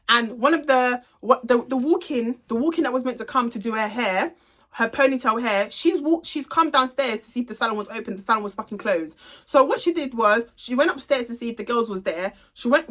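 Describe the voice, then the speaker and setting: On the high side, fairly quick and a bit bright, the young woman's voice carries a casual storytime vlog. As a salon owner, she addresses viewers directly, telling her story in a blunt, gossipy way and swearing freely.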